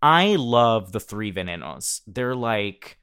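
A man's voice: lowish voice, very animated, takes it slowly, fairly bright tone, clear, resonant tone. A man hosting a casual chat, reading out lists of nominees and laughing often. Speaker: host.

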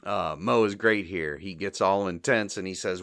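A man's voice: deep voice, normal speed, few pauses, fairly bright tone. A man hosting a podcast, casually recapping a comedy short and acting out the characters' lines in silly voices, laughing often. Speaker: podcast host.

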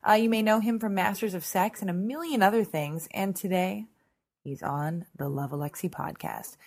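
A hoarse woman hosting her podcast, chatty and animated, swearing freely in a casual intro monologue. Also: mid-range voice, normal speed. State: hoarse, lost voice. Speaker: podcast host. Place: Los Angeles.

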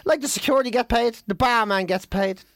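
A man's voice: very high-pitched, fairly quick, no room sound, clean studio sound. A middle-aged man, a comedian co-hosting a podcast, who tells stories with plenty of swearing and jokes at his own expense. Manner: swearing, animated storytelling, self-deprecating. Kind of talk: casual chat.

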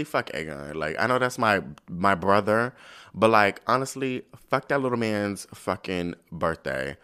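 A man hosting a podcast, giving a casual, profane, animated recap full of slang and mock quotes. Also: on the low side. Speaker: podcast host recapping a TV episode.

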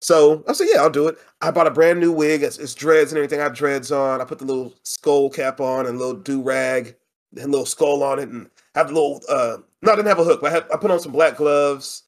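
A man co-hosting a casual podcast, telling a funny story with slangy, animated delivery and frequent laughs. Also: a little high, fairly quick. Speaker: podcast co-host. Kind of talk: casual chat.

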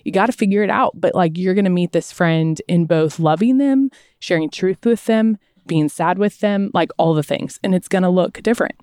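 A woman co-host with a somewhat low voice talks in a heartfelt, meandering way. She leans often on filler words as she works through her thoughts. The sound is close and dry. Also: normal speed, hardly any pauses, warm tone, clear, resonant tone, dry recording. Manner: heartfelt, rambling with frequent "like". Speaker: podcast co-host. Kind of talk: conversational interview.

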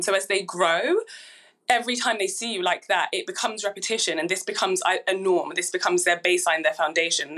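A woman's voice: medium pitch, a bit bright. Reflective woman with slightly hazy voice. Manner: reflective, speaks in repeated phrases. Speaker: podcast guest. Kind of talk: casual chat.

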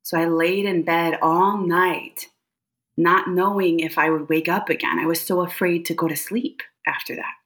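A woman guest on a podcast, recounting a personal experience in an expressive, animated way, often adding "like" and "right?". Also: on the low side, moderate pace. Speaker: podcast guest, psychic medium. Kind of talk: personal storytelling in conversation.

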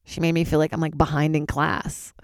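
A woman stand-up comedian hosting her own podcast, rambling and swearing in casual chat, jumping into sudden high excited voices. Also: brisk, no echo, clean studio sound.

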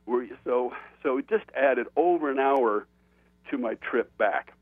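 A man spins an animated, conversational anecdote as an author and guest. His mid-pitched voice comes through a dry, tinny phone line. Nothing of a room is heard around him. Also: a little slow, no echo. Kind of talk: casual anecdote telling.

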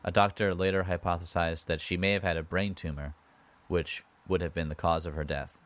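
A man's voice: deep voice, level tone, fairly quick, a bit bright. A man hosting a podcast, retelling history in a casual way with wry asides and conversational comments. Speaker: podcast host.

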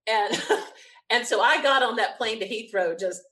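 A woman with a Southern US accent, a guest telling an animated story, laughing often and acting out what people said. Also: on the high side, a little slow. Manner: lively, frequent laughs, acts out quotes.

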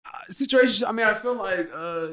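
A man's voice: sits high, a little fast, bright, forceful tone. Laid-back young man, bro-ish podcast talk. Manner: loose, laughing, swears freely, says "bro" a lot. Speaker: podcast co-host. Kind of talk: casual chat.

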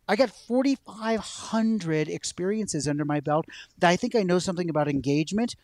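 A man telling a personal story as a guest on a talk show, an animated storyteller. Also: high voice, brisk, dry recording. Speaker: guest, science educator. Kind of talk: storytelling in a conversation.

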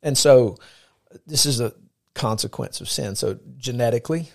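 A man's voice: medium pitch, moderate pace, creaky, darkish tone. A man co-hosting a podcast, mixing casual chat with earnest faith teaching, with frequent fillers. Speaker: podcast co-host.

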